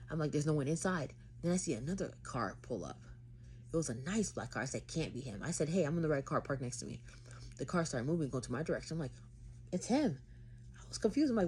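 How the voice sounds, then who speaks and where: A woman from Haiti with a low voice tells a storytime vlog straight to camera. She talks casually, full of slang, and plays up the drama of each moment. A faint hiss of noise sits under the voice. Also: darkish tone. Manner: dramatic, chatty retelling with slang. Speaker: vlogger.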